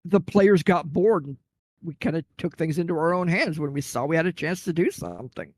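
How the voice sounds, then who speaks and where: Casting: man, rambling and animated, relaxed podcast storyteller, slightly high voice, dry close sound. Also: brisk, no room sound. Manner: rambling, animated anecdote with acted-out quotes. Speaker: podcast guest telling a gaming story. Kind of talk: casual storytelling chat.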